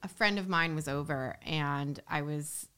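A woman talking as a podcast guest in a casual, animated way, with lots of "like" fillers. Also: deep voice, smooth. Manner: animated, fast, many "like" fillers. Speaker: guest, Catholic entrepreneur and business coach.

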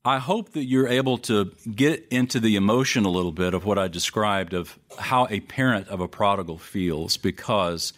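A middle-aged man with a fairly low voice delivers a sermon as an unfolding story. He swings between raised, urgent lines and quiet drops, often restarting his phrases. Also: normal speed, few pauses. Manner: storytelling, wide swings in pitch and loudness, hesitant restarts. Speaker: pastor.

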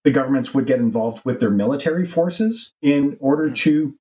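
A man's voice: mid-range voice, moderate pace, dark tone, rough recording. Male podcast co-host, probing questions, mid-range voice. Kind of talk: casual panel discussion.

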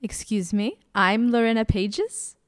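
A woman co-hosting a casual chat show, playful, animated and self-mocking. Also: on the high side, a little slow, no echo, studio quality. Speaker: podcast co-host.

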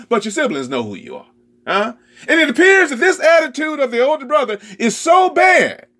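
High, animated preacher calling out to the crowd. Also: male voice. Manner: rhetorical, prodding the crowd with repeated "huh?"; stammering repetitions, bursts of shouting. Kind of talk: sermon.

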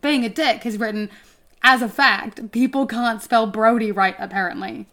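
A woman's voice: fairly high pitch, steady tone, moderate pace, bright, forceful tone. A woman from the United States co-hosting a podcast, chatting casually and emphatically. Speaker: podcast co-host. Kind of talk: casual chat.

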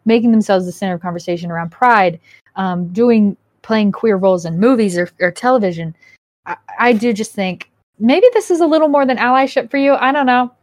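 A woman's voice: medium pitch, brisk, no echo. A woman hosts a podcast, telling stories candidly and with plenty of life, often dropping into little quoted voices. Her voice sits in a middle range and sounds close and dry, with hardly any room around it. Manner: candid, animated storyteller with quoted asides. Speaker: podcast host. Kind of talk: casual chat.

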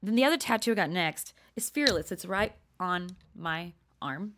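An older woman with a twang tells stories on her own podcast. Her voice is bright and swings widely up and down. She chats freely, laughs easily and sometimes sinks to a near-whisper to make a point. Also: on the low side, expressive, moderate pace. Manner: chatty, laughing, drops to near-whispers for emphasis. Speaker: podcast host. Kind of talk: casual storytelling monologue.

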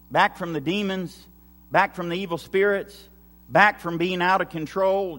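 A man's voice: high-pitched, fairly bright tone, big-room sound. A man preaching a sermon with emphatic, repetitive lines and acted-out quotes. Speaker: pastor.

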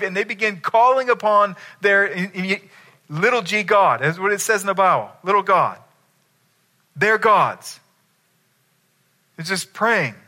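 Male pastor, bright forceful tone, slightly high voice, emphatic sermon delivery. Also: measured pace, pauses often. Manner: emphatic, asks the congregation questions.

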